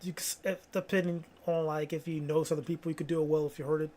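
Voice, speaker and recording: A man's voice: on the high side, level tone, fast, darkish tone. A man hosting a casual video, rambling through tangents and pleased with himself. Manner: rambling, self-amused, full of "like".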